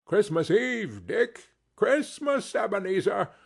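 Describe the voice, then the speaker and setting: A portly, jovial old merchant hollers merrily in a high, loud voice, as a male narrator puts him on. The calls are hearty, stretched out and slightly husky. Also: big pitch swings, takes it slowly, exaggerated voice. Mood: jolly.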